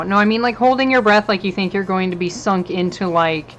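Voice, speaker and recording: Relaxed woman chiming in, slightly muffled. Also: medium pitch, fairly quick, slight background noise. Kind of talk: casual chat.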